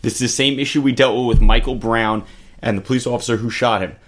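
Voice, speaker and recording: A man's voice: medium pitch, steady tone, quick pace. A man giving blunt, profane political commentary in casual chat, co-hosting a talk video.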